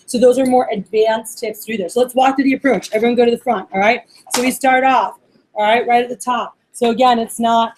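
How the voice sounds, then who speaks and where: A woman with a fairly high voice leads a training session for a room of trainees. She talks in an animated, hands-on way, acting out little phone calls and often checking that everyone is following. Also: fairly quick. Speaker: workshop trainer. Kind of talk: live training talk.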